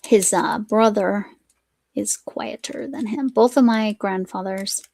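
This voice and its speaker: An American woman hosts a craft live stream, chatting casually and rambling while she works, often breaking off mid-sentence. Her mid-range voice is slow and steady with vocal fry and a darkish tone, in a dry recording.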